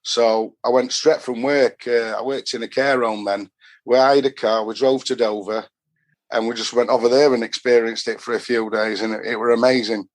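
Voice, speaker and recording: A middle-aged Yorkshire man from Doncaster, speaking as a podcast guest. He rambles happily through his stories in thick northern dialect, his voice sitting at an ordinary male pitch. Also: steady tone, moderate pace. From Doncaster, Yorkshire, England. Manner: chatty, rambling, dialect-heavy. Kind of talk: casual storytelling.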